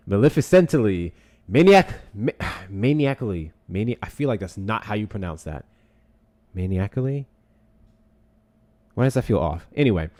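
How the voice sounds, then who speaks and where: A young man with a slightly low voice hosts a live stream in a casual, profane, sarcastic way. He reads text aloud and breaks off to react and talk to his chat. Now and then he turns away from his desk mic, and his voice drops and grows distant. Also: warm tone.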